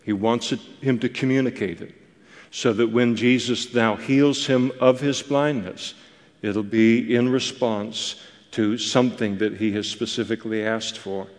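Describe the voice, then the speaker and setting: A man's voice: medium pitch, unhurried. Man teaching scripture in a reverberant hall. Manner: conversational, animated, with many fillers and restarts. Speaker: Bible teacher. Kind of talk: expository Bible teaching.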